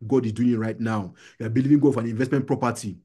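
A man's voice: mid-range voice, steady tone, very fast, mellow, slightly rough. A young adult male pastor preaching a sermon to a small gathering, urging and repeating his lines. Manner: exhorting, repetitive preaching with call-and-response.

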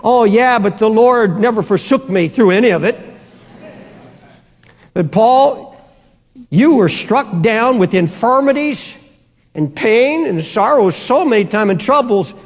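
This is an unshakable man of faith, played by a preacher as an apostle who cries out defiantly. The voice sits very high for a man. A long reverb trails every word. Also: animated, unhurried, pauses often, full character voice. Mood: calm steadfast. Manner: shouting defiance.

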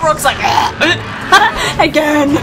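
A woman's voice: sits high, big pitch swings, takes it slowly, crowd noise. A young woman giving casual let's play commentary, laughing constantly, swearing and teasing her companion. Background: game music.

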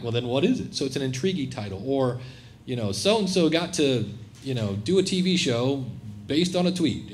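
A man's voice: mid-range voice, slight background noise. A middle-aged man presenting at a conference, talking casually to a live audience and acting out quoted voices. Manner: animated, acts out quoted voices. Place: conference room, live session.

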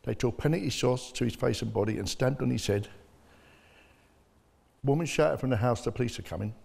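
As a guest in an interview, an older man who lost a child bluntly recounts his own story. He speaks at normal speed in a mid-range voice that is creaky, darkish and slightly rough. A long hall reverb surrounds the recording.

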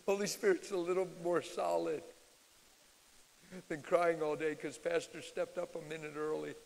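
A man's voice: on the high side, level tone, moderate pace, creaky, a little mellow. A man speaking frankly and emphatically as a guest teacher in a live church question-and-answer session. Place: church hall, live audience. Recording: echoey hall.

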